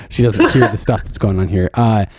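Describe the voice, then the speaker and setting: A man's voice: on the low side, animated, moderate pace, a little mellow, breathy edge, no echo, clean studio sound. An American man co-hosting a podcast, chatting casually with lots of nervous laughs and hesitations. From United States. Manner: giggly, hesitant, self-conscious. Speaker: podcast co-host.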